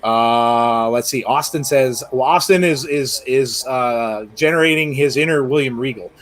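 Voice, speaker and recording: Male podcast co-host, mid-pitched, casual and chatty, lots of filler words. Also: measured pace, a bit bright. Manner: chatty, many fillers and restarts. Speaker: podcast co-host reading viewer questions. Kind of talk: casual live podcast chat.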